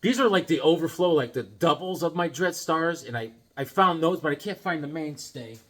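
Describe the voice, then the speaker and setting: Brief: man comics vlogger, loose rambling show-and-tell with silly asides, voice a touch high. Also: expressive, moderate pace, a bit bright. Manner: rambling, jokey, lots of restarts and silly asides. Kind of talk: casual show-and-tell chat.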